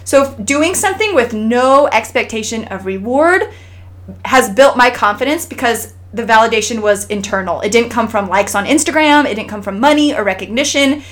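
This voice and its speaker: A woman from Idaho co-hosts a podcast in a fairly high, slightly bright voice. Chatting casually, she sounds earnest and encouraging, with many restarts and fillers.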